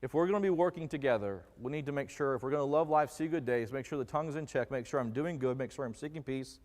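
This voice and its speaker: A man's voice: medium pitch, fast, darkish tone. A man preaching a conversational sermon in a church, joking and putting questions to the congregation. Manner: jokey, quizzes the congregation with questions. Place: church sanctuary. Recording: long reverb of a church hall.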